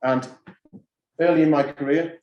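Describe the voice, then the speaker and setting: A man's voice: a little high, fairly even intonation, unhurried, muffled recording. A middle-aged man, a school head, addressing fellow heads in a conversational, anecdotal way and repeating key phrases for emphasis. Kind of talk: conference talk to fellow heads. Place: school hall or conference room. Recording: roomy hall sound.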